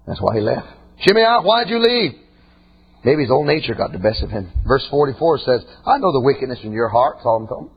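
A male preacher delivering a raspy, impassioned sermon, swinging between shouts and low asides. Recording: dull lo-fi recording.

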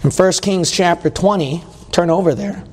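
Guy preaching, chatty, acts out little quotes, high voice, big hall echo. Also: moderate pace, a little mellow, breathy edge. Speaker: pastor. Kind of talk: sermon. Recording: long hall reverb.

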